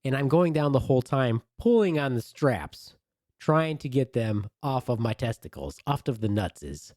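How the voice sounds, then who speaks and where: A man on a podcast telling an animated story with crude humor in a casual way. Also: medium pitch, moderate pace, dry recording, clean studio sound. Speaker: podcast co-host.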